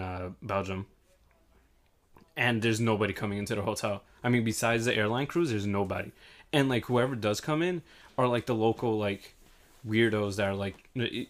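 A young man telling a lively story in casual chat, acting out the people in it and swearing freely. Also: lowish voice. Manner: animated, acts out quoted voices, swears freely. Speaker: hotel front desk worker.

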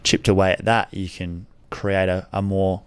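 A man hosting a podcast, asking questions and reflecting in a measured, supportive way. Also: deep voice, level tone, clear, resonant tone. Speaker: podcast host. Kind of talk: reflective interview chat.

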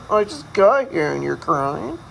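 A man's voice: high voice, sing-song, slow, creaky, a bit bright, slight background noise, voice pushed up, heavily acted, low-quality recording. A man voicing a bewildered newly adopted little male dog, talking in an incredulous, exasperated way.

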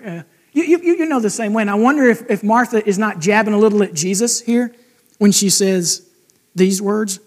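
Male pastor, high voice, conversational sermon, direct questions. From United States. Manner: conversational, asks the congregation questions.

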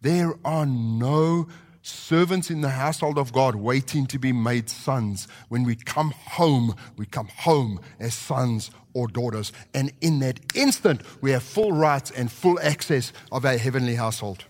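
A man preaching a sermon, telling the story with animated delivery and acting out the characters' voices. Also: medium pitch, measured pace. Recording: long hall reverb.

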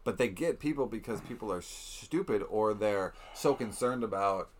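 A man's voice: lowish voice, moderate pace, a little hiss or hum. A man co-hosting a podcast, griping sarcastically and cursing in casual chat. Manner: sarcastic, profane ranting. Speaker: podcast co-host.

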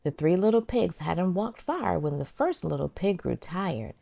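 A woman hosting a children's circle time, gently and expressively reading a storybook aloud to toddlers. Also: fairly low pitch, expressive, a little slow, gravelly, no room sound.

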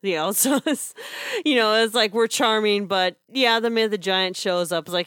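A woman's voice: mid-range voice, normal speed, fairly bright tone, smooth, no room sound. A woman co-hosting a casual podcast chat, chatty, with frequent laughs and restarts. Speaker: podcast co-host reviewing theater.

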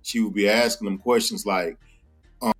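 A man's voice: on the low side, fairly even intonation, normal speed, husky, soft background music. A man talking as a podcast guest about co-parenting, earnest and storytelling, sometimes acting out what others said. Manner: earnest, storytelling, acts out quoted speech. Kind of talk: casual conversation.

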